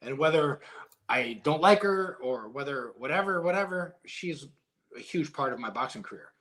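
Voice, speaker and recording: Man, middle-aged, fairly high voice, bright and forceful tone, animated casual storytelling, swears. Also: normal speed. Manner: emotional, animated storytelling with profanity. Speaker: guest, former heavyweight boxer.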